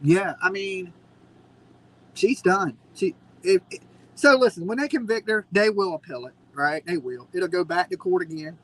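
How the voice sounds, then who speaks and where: A man's voice: high voice, expressive, moderate pace, fairly bright tone, low-quality recording. A man hosting a live stream, ranting in a mocking, combative way. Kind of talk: heated casual commentary.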